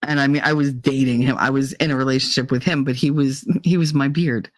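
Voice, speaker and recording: A woman's voice: very deep voice, steady tone, fairly quick, no echo, low-quality recording. A woman hosting a podcast, telling a story in a frank, profane, casual way and laughing often. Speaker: podcast host.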